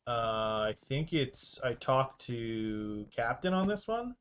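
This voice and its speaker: A man's voice: mid-range voice, very animated, takes it slowly, fairly bright tone, a little hiss or hum. A young man streaming a game, chatting loosely to himself and his viewers, swearing casually and laughing at himself. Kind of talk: casual gameplay commentary.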